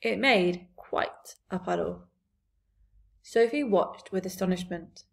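A woman narrating a children's book aloud in a clear, steady storytelling voice. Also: medium pitch, takes it slowly.

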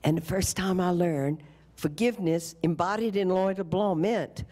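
An older woman giving a storytelling lecture at a college, animated, slipping into the voices of the people in her story. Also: fairly low pitch, normal speed. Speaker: keynote speaker.

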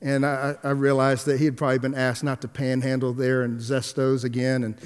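A man's voice: medium pitch, clear, resonant tone. Man preaching in an echoey hall. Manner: animated storyteller, swings between hushed and emphatic; halting restarts and repeated words. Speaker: pastor. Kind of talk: storytelling sermon. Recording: long echoey hall reverb.

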